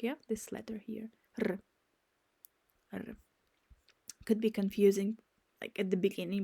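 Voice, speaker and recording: A woman's voice: mid-range voice, fairly even intonation, a little mellow, breathy edge. A woman teaching a beginner language lesson, spelling out words and checking in with "yeah?" after each point. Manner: spells out and repeats words slowly.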